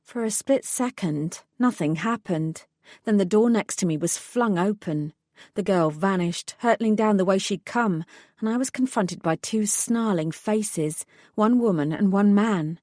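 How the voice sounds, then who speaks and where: A woman's voice: mid-range voice, mellow, dry recording, studio quality. Woman narrating a wry audiobook. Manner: measured, wry storytelling. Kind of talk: scripted first-person narration.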